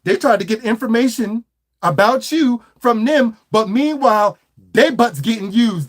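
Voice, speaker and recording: A man with a high-set voice rants on a livestream. He talks animatedly and with slang, circling back to repeated phrases. He stacks stuttered restarts and mocks people as he goes. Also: lively intonation, normal speed. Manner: slangy, mocking. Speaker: livestream host. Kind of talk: livestream rant.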